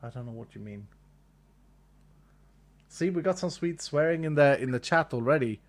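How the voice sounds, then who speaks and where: Swedish guy streamer, kinda higher voice, keeps laughing and repeating himself while talking to chat. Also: lively intonation, moderate pace. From Sweden. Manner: chuckly, repeats phrases, talks to chat. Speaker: livestreamer. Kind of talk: casual live-stream chat.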